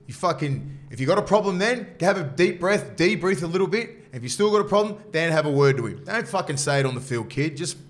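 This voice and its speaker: A man's voice: a little high, expressive, fast talker, few pauses. A man co-hosting a casual sports podcast as a former player, blunt and swearing constantly, acting out what players would say. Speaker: former rugby league player, podcast co-host.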